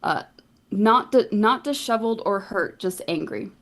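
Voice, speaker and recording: A woman recounting a fantasy game session in a loose, wry way. Her voice sits at an ordinary middle pitch, and the telling is casual and a bit irreverent. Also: expressive, unhurried, fairly bright tone. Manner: casual, wry, laughs and swears. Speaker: game recap narrator.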